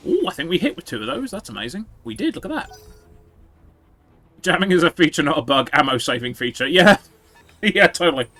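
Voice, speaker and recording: A man's voice: a little high, sing-song, brisk, long pauses, pushed and bright, no room sound. Sarcastic man streaming a game. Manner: sarcastic, swearing, jokey asides to chat. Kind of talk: casual gameplay commentary.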